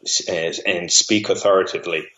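Deep-voiced Englishman, dull recording. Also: fairly even intonation, sharp tone. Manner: wry, self-deprecating, measured. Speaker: guest, former Marine officer. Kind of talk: casual conversation.

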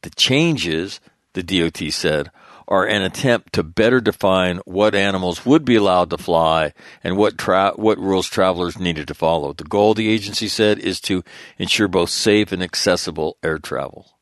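A man's voice: deep voice, moderate pace, dry recording, clean studio sound. A man hosting a talk show, reading headlines and drifting into loose, rambling stories with frequent laughs. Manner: rambling, animated storytelling with laughs. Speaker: show host. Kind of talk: casual talk show monologue.

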